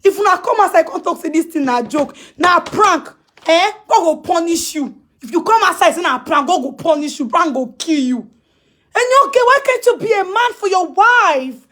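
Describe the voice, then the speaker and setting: A woman with a Nigerian Pidgin English accent, ranting and scolding on a phone live stream, repeating herself emphatically and breaking into shouts. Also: very high voice, lively intonation, moderate pace. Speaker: social media personality.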